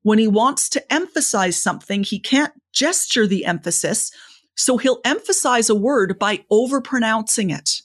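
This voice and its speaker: A woman speaking coach giving advice as a podcast guest, expressive and lively, with a voice that moves up and down a lot. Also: moderate pace. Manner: lively, varied pitch, expressive. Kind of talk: conversational interview.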